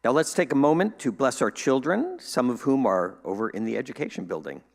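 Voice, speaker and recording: In a reverberant sanctuary, a male service host gives the welcome and announcements in an upbeat, playful way with jokey asides. His mid-range voice moves briskly, with big pitch swings and some vocal fry.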